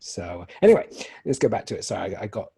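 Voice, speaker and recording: A man's voice: fairly low pitch, very animated, fast talker, vocal fry, warm tone, slightly rough. A man in his forties with an English accent, co-hosting a casual radio talk show in a joking, self-deprecating way. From England. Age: 40s. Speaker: podcast co-host. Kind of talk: casual chat.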